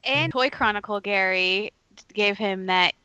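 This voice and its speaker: A woman's voice: medium pitch, a little slow, sharp tone, clear, resonant tone, no room sound, lo-fi sound. A woman co-hosting a podcast, chatting casually and using lots of fillers. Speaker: podcast co-host. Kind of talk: casual chat.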